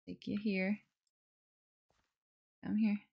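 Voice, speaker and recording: A woman's voice: medium pitch, level tone, very slow, gravelly, husky, muffled recording. A woman live streaming a game, chatting casually with her viewers and coaxing her in-game animals along with little exclamations.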